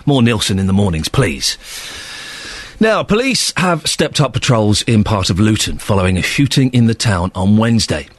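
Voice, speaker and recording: A man in his thirties presenting breakfast radio in a chatty, animated way, muttering asides to himself. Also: on the low side, moderate pace, husky, no echo.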